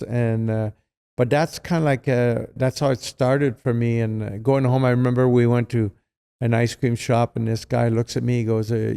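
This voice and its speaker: A man's voice: mid-range voice, vocal fry, clean tone. A middle-aged man with a French-Canadian accent, a native French speaker, telling stories as an interview guest and acting out the voices of people he quotes. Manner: animated, acts out quoted voices, frequent fillers. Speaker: guest, retired hockey player. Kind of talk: casual storytelling.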